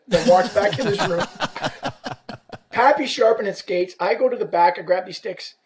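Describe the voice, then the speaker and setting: A man with a high voice, formerly an equipment rep, shares a casual anecdote as a podcast guest at a moderate pace. He acts out the dialogue animatedly and swears a lot. There's slight background noise.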